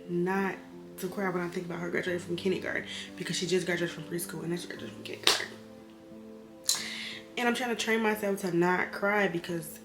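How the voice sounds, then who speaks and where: A single mother, slightly tipsy, talks candidly and emotionally in a personal vlog about hard times, rambling and occasionally getting heated. Her voice is a little high with vocal fry, and the recording is reverberant.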